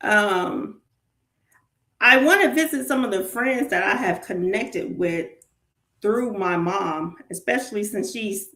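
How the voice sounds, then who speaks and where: A woman with a Southern US accent, chatting as an interview guest, animated and laughing, rambling with fillers. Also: medium pitch, unhurried. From Southern United States. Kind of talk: casual chat. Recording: roomy echo.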